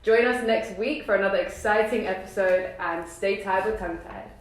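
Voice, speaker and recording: A woman's voice: mid-range voice, moderate pace, over music. A young woman from South London with a London accent, hosting a casual chat and laughing along as she asks light questions. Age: young adult. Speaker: podcast host. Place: campus room. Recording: echoey room.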